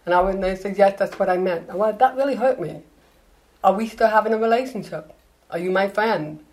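An older woman, an author being interviewed, telling animated self-mocking anecdotes and acting out the dialogue. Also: mid-range voice, a little fast, poor audio. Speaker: author guest. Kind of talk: interview storytelling.

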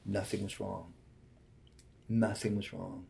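Interviewed as a guest, a man in his forties shares a personal story earnestly and from the heart, often dropping into a hush. His voice is deep and flat, slow, with vocal fry.

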